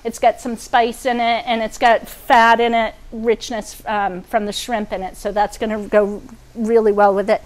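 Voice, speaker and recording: A woman's voice: fairly high pitch, little pitch movement, moderate pace, rough recording. A woman hosting a cooking demonstration, chatty with frequent ums, over pans sizzling and utensils clinking. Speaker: cooking show host. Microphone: wearing a microphone.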